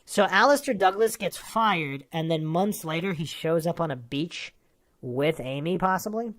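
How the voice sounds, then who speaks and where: A woman's voice: lowish voice, expressive, normal speed. Casual woman reading true crime sources. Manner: casual, with asides between read passages. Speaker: podcast host. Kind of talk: true crime podcast narration, reading articles aloud.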